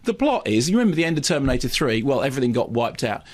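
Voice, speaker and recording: A man, a film critic riffing wryly on a radio review show, with quick stammered restarts. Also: mid-range voice, big pitch swings. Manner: rapid, wry, tangent-prone with stammered restarts.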